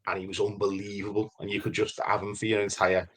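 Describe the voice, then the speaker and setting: Male podcast co-host, lowish voice, enthusiastic anecdotes. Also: flat delivery, fast, a bit bright. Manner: enthusiastic storytelling, searching for names. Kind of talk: casual chat.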